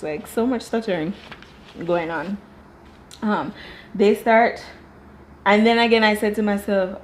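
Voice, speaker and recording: A woman's voice: medium pitch, unhurried, pauses often, slight background noise. Chatty woman reviewing a reality show. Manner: animated, jumping into quoted voices. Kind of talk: casual reaction commentary.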